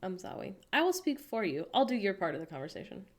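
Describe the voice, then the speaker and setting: An American woman hosting a casual livestream, chatting playfully and reading viewers' messages aloud with animated, self-mocking humor. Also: medium pitch, fast talker. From United States. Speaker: livestream host reading chat. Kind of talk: casual chat.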